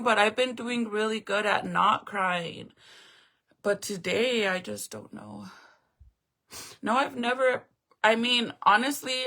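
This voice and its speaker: Tearful, gravelly woman livestreaming. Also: mid-range voice, a bit bright. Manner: emotional, tearful, chatty with viewers. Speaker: livestream host. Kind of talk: casual livestream chat.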